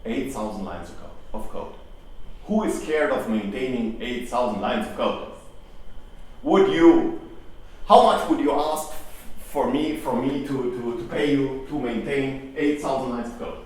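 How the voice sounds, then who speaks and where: A man's voice: mid-range voice, unhurried, darkish tone. A man giving a conversational conference talk, often asking the audience rhetorical questions and restarting his phrases. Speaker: conference speaker. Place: conference hall. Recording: echoey hall, distant mic, faint noise.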